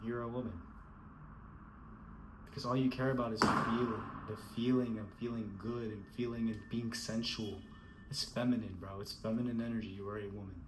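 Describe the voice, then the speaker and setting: A man's voice: on the low side, steady tone, fairly quick, background noise. A man giving a scolding, emphatic motivational rant, repeating himself and calling the listener bro. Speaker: motivational speaker.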